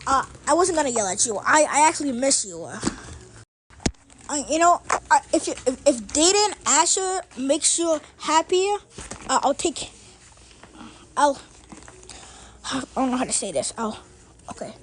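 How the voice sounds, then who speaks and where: An earnest teenage boy voiced by a girl in her own high voice speaks haltingly. He restarts his sentences and hesitates. He speaks slowly, in a homemade storytelling style. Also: expressive, a little hiss or hum. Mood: hesitant. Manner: hesitant, stumbling.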